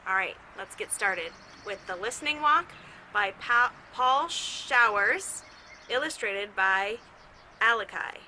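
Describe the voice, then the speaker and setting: A woman's voice: mid-range voice, lively intonation, slow, sharp tone, a little hiss or hum, poor audio. A woman teacher reading a picture book aloud to children outdoors, cheerfully imitating the sounds in the story. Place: outdoors with her dog.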